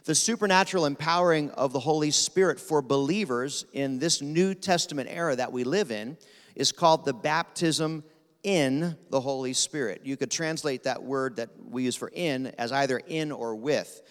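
A man from Pennsylvania, preaching a sermon as guest speaker in a quick, animated, rapid-fire way. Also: mid-range voice, clear, resonant tone. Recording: long reverb of a large hall.

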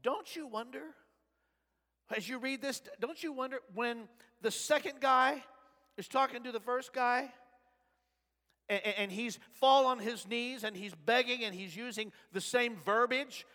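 A man preaching a sermon in a church sanctuary, swinging between shouted lines and soft asides. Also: very high-pitched, unhurried. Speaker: pastor. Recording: long reverb of a large sanctuary.

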